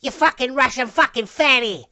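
A woman's voice: high voice, moderate pace, no room sound. A woman voicing a hot-tempered, foul-mouthed gamer character, swearing and picking fights over game chat on a throat mic. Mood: furious. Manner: shouty, swears constantly, picks fights.

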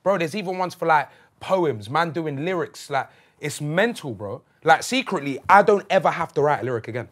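A man's voice: a little high, lively intonation, normal speed, fairly bright tone. Slangy young man, laughing. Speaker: comedy show co-host. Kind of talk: casual banter.

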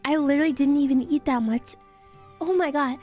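A woman streaming casually, excitable and giggly, often squealing and laughing. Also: high-pitched, a little fast, soft background music. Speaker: VTuber streamer. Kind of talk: casual livestream chat.

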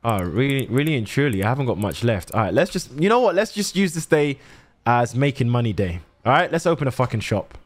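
A man's voice: medium pitch, big pitch swings, a little fast. A young man chatting to his chat while he plays a shop game, swearing often. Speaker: streamer playing a shop simulator. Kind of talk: casual gameplay commentary to chat.

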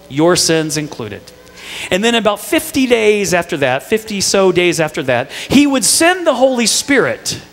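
A man's voice: high-pitched, a bit bright, big-room sound. A middle-aged male pastor preaching a sermon, telling family stories with playful asides to the congregation. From Indiana. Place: church sanctuary.

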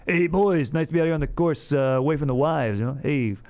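A man's voice: a little high, brisk, a little mellow, lightly acted. A man voicing a jokey middle-aged golfer who talks in a hearty, back-slapping way.

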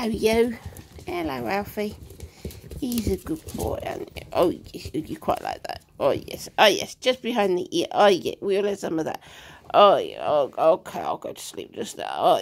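A woman's voice: mid-range voice, big pitch swings, slow pace, creaky, pauses often. Woman, home video, leisurely and very sing-song, coos at pets. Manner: cooing, sing-song baby talk to puppies. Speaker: dog breeder filming her puppies. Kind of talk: casual chat to dogs while filming. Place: indoor living room at home. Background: puppies playing.

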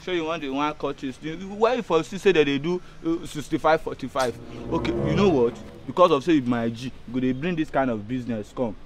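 A man's voice: a little high, brisk, hardly any pauses, very noisy, natural voice. A man playing a greedy accomplice who haggles over his share in Nigerian Pidgin in a comedy skit. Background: loud background music.

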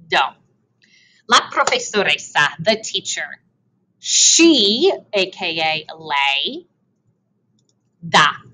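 A woman with a lowish, slightly bright voice teaches from slides, switching between Italian and English, saying each form twice with a translation, and adding playful side comments. The audio is rough.

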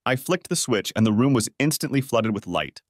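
A man narrating a dramatic first-person story in an expressive way, close to the mic. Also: mid-range voice, brisk, no echo.

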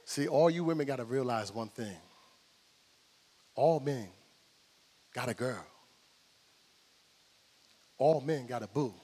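A middle-aged man doing a stand-up comedy set, telling loud, brash, profane stories on stage. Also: medium pitch, slow pace, pauses often, slightly rough. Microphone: handheld stage mic.

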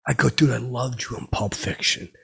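Man playing a gravelly, clueless braggart. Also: medium pitch, fairly even intonation, full character voice. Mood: rambling. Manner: rambling, halting, full of fillers and "blah, blah"; refers to himself in the third person. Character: boastful clueless middle-aged man, oblivious and touchy. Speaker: podcast host. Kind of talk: improvised comedic character monologue.

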